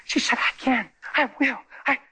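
A male preacher telling a story in a sermon, excitable, jumping between loud high bursts and low quiet asides. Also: normal speed, breathy edge. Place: church.

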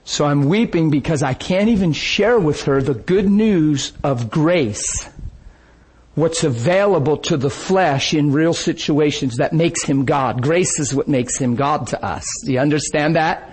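A man's voice: a little high, a little slow, a little mellow, slightly rough. A man preaching a sermon, telling stories with laughter and quoted voices.

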